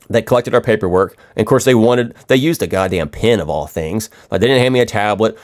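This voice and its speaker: A man ranting in a profane, sarcastic way, rambling with restarts as he talks through his gripes. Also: mid-range voice. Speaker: podcast ranter. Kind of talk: profane comedic rant.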